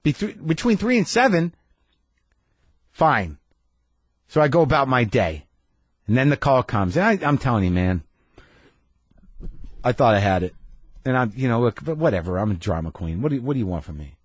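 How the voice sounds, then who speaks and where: A man's voice: mid-range voice, lively intonation, brisk, pauses often, husky, no echo. A man hosting a podcast, telling a comedic story in an anxious, rambling, sardonic way. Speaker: podcast host.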